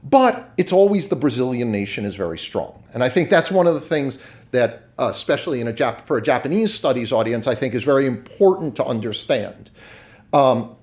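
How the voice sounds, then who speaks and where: A man's voice: medium pitch, expressive, fairly quick, darkish tone. A middle-aged man giving a university lecture in a conversational way, with restarts and fillers. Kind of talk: academic lecture.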